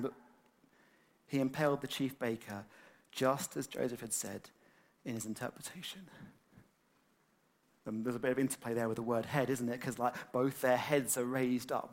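A man preaching a sermon, animated and conversational, with many fillers and repeated words. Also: mid-range voice. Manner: animated, acts out excited quotes.

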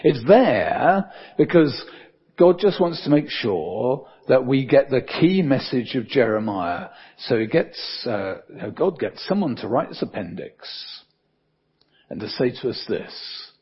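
An older man preaching a sermon in a conversational way, with many fillers and soft dips for emphasis. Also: mid-range voice, sing-song, slow pace, slightly rough, dull audio.

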